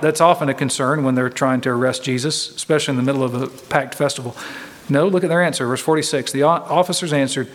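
A man's voice: fairly high pitch, fast, a bit bright. A man preaching an expository sermon, earnest and emphatic, repeating phrases to press his points home. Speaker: pastor. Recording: long reverb from a large hall.

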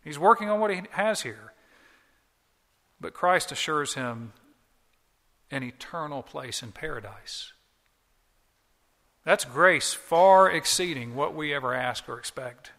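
A man delivers an earnest, emphatic sermon from the pulpit. His voice is bright and forceful, and it carries a long church hall reverb. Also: a little high, animated, slow, pauses often. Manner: earnest, emphatic preaching with repetitions. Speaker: pastor.

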